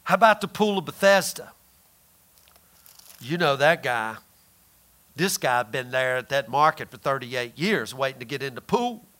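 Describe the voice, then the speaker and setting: A man preaching a sermon who asks the listeners questions and answers them himself, drawling some phrases slowly for emphasis. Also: mid-range voice, expressive, pushed and bright.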